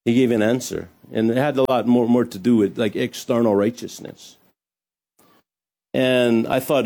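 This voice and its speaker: A man preaching a sermon in a loose, talky way, with jokes and asides. His voice is warm and mellow, at an ordinary pitch. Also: slow pace, long pauses. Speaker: pastor. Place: hot church room.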